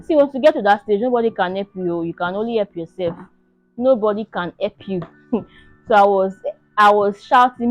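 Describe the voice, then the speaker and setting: A young woman telling her own story to the camera in an animated, casual way, laughing often and acting out the shouts and pleas. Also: medium pitch, normal speed, dry recording, muffled recording, faint music behind. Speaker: vlogger sharing her birth story.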